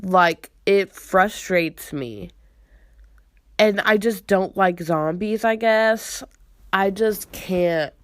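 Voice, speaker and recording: A young woman hosts a laid-back podcast, unhurried and stretching out her words. She is stuffy and congested from a cold, and she lets out sarcastic, exasperated sighs. Her voice sits close and dry, with no room around it. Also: mid-range voice, no room sound. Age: young adult. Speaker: podcast host. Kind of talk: casual chat.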